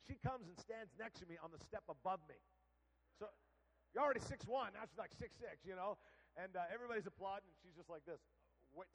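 A man preaching a sermon, telling a story with acted-out quotes and then leading a quiet prayer. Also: a little high, creaky, lo-fi sound. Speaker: guest preacher.

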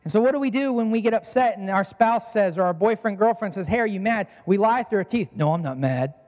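High-voiced preaching man in a reverberant hall. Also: fast, darkish tone. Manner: earnest preaching with repeated phrases. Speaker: pastor. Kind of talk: sermon.

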